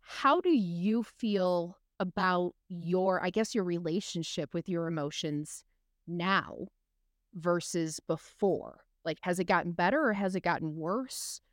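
A middle-aged woman talks openly on a podcast, with a smooth, fairly low voice. She thinks aloud, stops and restarts, and speaks candidly. The close mic leaves her voice dry, with no room sound. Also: measured pace, dry recording. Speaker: podcast co-host. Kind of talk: candid casual chat.

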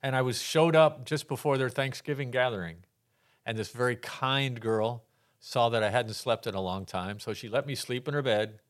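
An older man from Texas, a podcast guest telling his faith testimony in a lively way, acting out the voices in his anecdotes and laughing often. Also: medium pitch.

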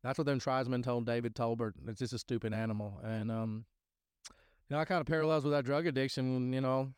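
A man's voice: mid-range voice, fairly even intonation, brisk, clear, resonant tone, no room sound, studio quality. A middle-aged man hosting a podcast, telling a story and his own testimony in a rambling, casual way with many fillers and restarts. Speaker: podcast host sharing testimony.

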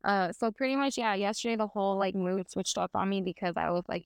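A woman's voice: medium pitch, quick pace, vocal fry, clear, resonant tone, dry recording, studio quality. A woman in her twenties, co-hosting a podcast, telling a personal story in casual chat, rambling with lots of fillers. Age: 20s. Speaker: podcast co-host.

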